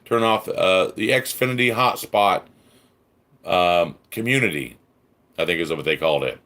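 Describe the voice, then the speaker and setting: Angry guy ranting on his stream, lowish voice, cussing a lot, stumbling over his words. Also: measured pace, pushed and bright. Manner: furious, swearing, sarcastic mock voices; stammering restarts. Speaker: livestream host. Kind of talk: angry rant on a livestream, reading chat.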